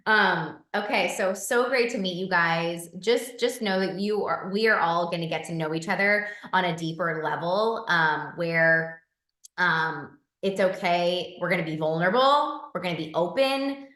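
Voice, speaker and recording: A woman's voice: on the low side, a bit bright, reverberant. Upbeat woman leading a video call. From Southern California. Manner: enthusiastic, encouraging, quick bursts. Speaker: team leader hosting a group call.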